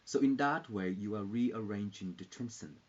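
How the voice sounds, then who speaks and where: A man rambling in a loose, halting live-stream chat with viewers, full of fillers and restarts. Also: fairly low pitch. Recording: dull lo-fi recording.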